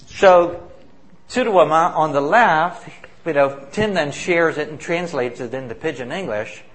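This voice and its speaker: Man, missionary, fairly high voice, emphatic storytelling, animated, acts out quotes. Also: measured pace. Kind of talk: spoken testimony storytelling.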